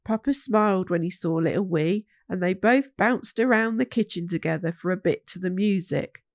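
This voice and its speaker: A woman reading a children's bedtime story aloud, slow and soothing. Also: on the low side, no room sound, clean studio sound.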